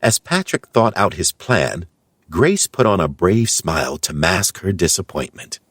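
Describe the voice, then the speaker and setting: A male storyteller reading an audiobook in a measured, expressive way. His voice sits a little low and sounds husky, and he moves slowly through the lines with lively swings in pitch. The recording is dry and close, from a studio mic. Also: no echo. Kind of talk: scripted audiobook narration.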